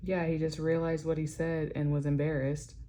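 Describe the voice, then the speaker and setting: A woman's voice: sits low, little pitch movement, normal speed, warm tone. A woman client chiming in with blunt, swearing remarks in casual chat. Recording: muffled, dull sound.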